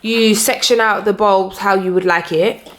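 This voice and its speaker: A woman's voice: medium pitch, steady tone, normal speed. A woman chatting and bantering in a casual home DIY vlog. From Saint Lucian and Jamaican family. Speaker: vlogger. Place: home room. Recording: echoey room with faint noise.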